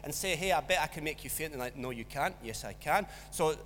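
Preaching in a church hall, a pastor brisk in pace and on the high side in pitch recounts a school story with animated flair, voicing the characters himself. Slight background noise and long church-hall reverb are audible.

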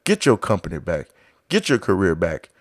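A man preaching a sermon who starts low and quiet, then builds to loud exhortation with repeated refrains and acts out biblical voices. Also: huge pitch swings, normal speed.

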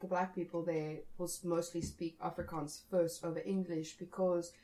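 A woman's voice: on the low side, flat delivery, normal speed, warm tone, low-quality recording. A young woman with a South African accent, chatting casually as a podcast guest in a self-deprecating way.

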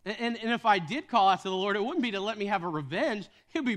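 High-voiced young man preaching. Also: very fast, few pauses, fairly bright tone. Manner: earnest, repeats words when starting sentences. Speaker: pastor. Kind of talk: sermon.

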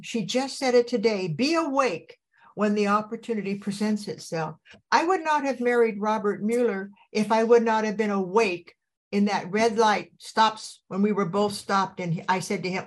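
An older woman hosts a podcast over a video call, gushing and preachy as she conducts an enthusiastic interview chat. She speaks at normal speed with a medium-pitched voice.

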